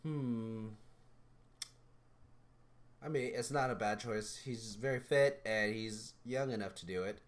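A man co-hosting a podcast in casual chat, relaxed and often pausing to hunt for words. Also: medium pitch. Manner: relaxed, halting, searching for words. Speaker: podcast co-host.

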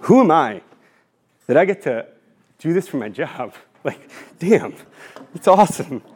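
A man's voice: on the high side, big pitch swings, darkish tone, slightly rough. Nervous, tearful young man giving a talk. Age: 20s. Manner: nervous, halting, with many pauses and fillers. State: tearful, voice breaking. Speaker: speaker giving a formation talk. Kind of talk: heartfelt talk to a faith community.

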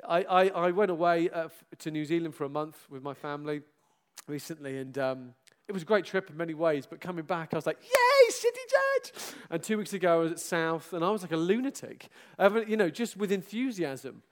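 A middle-aged pastor giving an animated, self-mocking farewell address to his church, breaking into loud exclamations and laughter. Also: fairly high pitch, a little fast.

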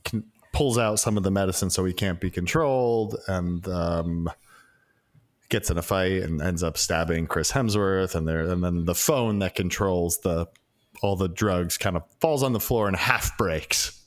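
Low-pitched guy for a loose podcast chat, rambling and swearing freely. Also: a little slow. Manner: rambling, profane, many fillers. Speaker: podcast co-host reviewing a movie. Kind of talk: casual chat.

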